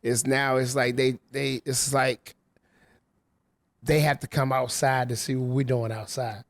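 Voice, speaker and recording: A man's voice: mid-range voice, level tone, measured pace, dry recording, studio quality. A man who works as a radio DJ, talking casually in a loose, slangy storytelling way. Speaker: radio DJ guest. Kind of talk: casual chat. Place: rooftop venue.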